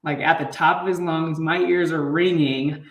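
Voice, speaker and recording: A man's voice: on the high side, steady tone, moderate pace, fairly bright tone. Male, 30s, fitness coach and father. Loose, rambling live chat with frequent laughs; roomy sound, mic at a distance. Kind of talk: casual live chat to viewers.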